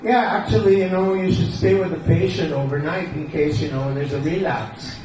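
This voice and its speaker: A man's voice: a little high, steady tone, moderate pace, darkish tone, voice pushed up, close to an everyday voice. A man voicing a sly, eager young woman friend who chimes in. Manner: eager, chiming in. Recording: echoey room, distant mic, noisy.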